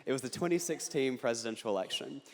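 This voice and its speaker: A young man addresses a crowd from the stage with earnest conviction, mixing quick jokes into his points. His voice sits at an ordinary pitch, and the long reverb of a big hall trails behind every line. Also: a little mellow. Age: young adult. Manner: earnest, punchy delivery with jokes. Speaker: political speaker. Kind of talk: speech to an audience. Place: large hall on a university campus.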